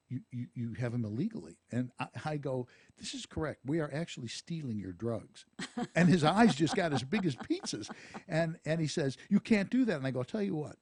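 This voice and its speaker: A man hosting a radio talk show, telling a police story in a lively, laughing way. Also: on the high side, breathy edge, no echo, studio quality. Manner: storytelling, animated, laughs often. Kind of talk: casual radio chat, anecdote telling. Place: radio studio.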